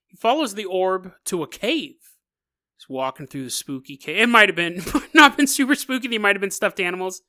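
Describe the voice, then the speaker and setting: A man's voice: high voice, bright, forceful tone. A male podcast host retelling a strange story in a comedic way, full of jokey asides and chuckles. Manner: jokey asides, laughs through the telling.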